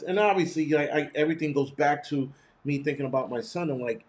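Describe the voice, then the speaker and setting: A man's voice: mid-range voice, fairly quick, darkish tone. A man hosting a casual live commentary, blunt and profane, rambling with many restarts. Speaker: host.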